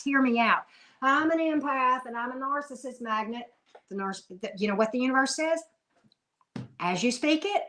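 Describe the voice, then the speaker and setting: A woman speaks plainly and bluntly, scolding her listeners with tough love and the odd curse word. Her voice sits a little high for a woman. She talks like a spiritual coach who has no patience for self-pity. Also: pushed and bright. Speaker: tarot reader. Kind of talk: blunt spiritual pep talk.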